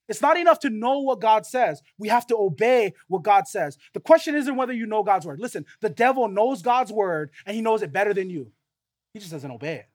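Man, high voice, pastor preaching, emphatic, conversational. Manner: emphatic, repeats points with "right?" and "okay?". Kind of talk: sermon.

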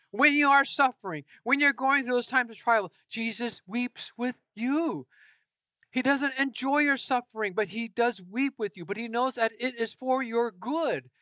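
An earnest pastor preaching a sermon with an emphatic delivery. The voice is bright and forceful. The recording is close and dry. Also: mid-range voice, dry recording.

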